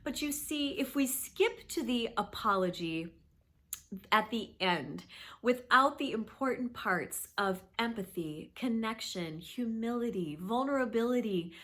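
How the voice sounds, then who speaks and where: Bright-voiced woman therapist, earnest and emphatic. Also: fairly high pitch, expressive, unhurried. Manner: earnest, emphatic, drops to soft whispers for apologies. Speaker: therapist and video host. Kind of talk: warm instructional talk to camera.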